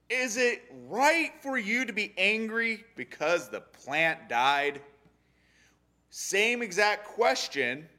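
A young adult man giving a casual sermon on a Bible story, animated and acting out the characters' lines. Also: fairly high pitch. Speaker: Bible study teacher.

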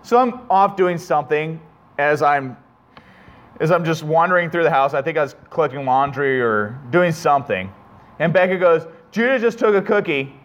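A man's voice: on the high side, moderate pace, a bit bright. A man preaching a sermon, telling an earnest, self-reflective story from his own family life with many restarts.

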